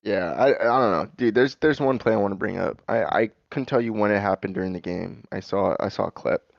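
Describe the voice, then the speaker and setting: A young man with a gravelly voice talks bluntly on a casual sports podcast. His voice is dry and a little dull. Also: lowish voice, fairly quick, no room sound. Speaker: podcast co-host.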